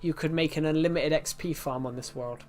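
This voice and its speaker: A man's voice: a little high, fairly quick. Guy streaming a game live, rambling along, answering chat, restarting sentences. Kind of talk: casual live-stream chat while playing.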